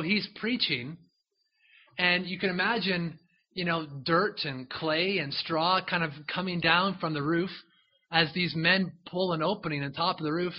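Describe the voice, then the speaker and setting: A man's voice: high voice, lo-fi sound. A man preaching a sermon, retelling a Bible story in a conversational way with frequent asides to his listeners.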